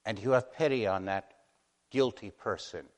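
A man preaching a sermon, moving between hushed, slow passages and loud, impassioned warnings. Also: fairly low pitch. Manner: dramatic, swings from hushed to impassioned. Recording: long hall reverb.

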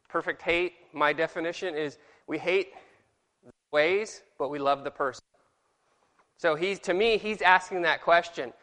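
A man teaches a Bible class in a casual, self-deprecating way, and his voice sits a little high for a man. He leans hard on the inflection whenever he reads a verse aloud. The sound rings with a long hall reverb. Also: a little slow, long pauses, fairly bright tone.

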